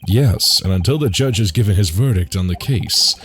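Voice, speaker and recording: A man voicing a confident young male defense lawyer who speaks calmly and firmly, reading game dialogue aloud. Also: fairly low pitch, slight background noise, natural voice. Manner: calm, firm, measured.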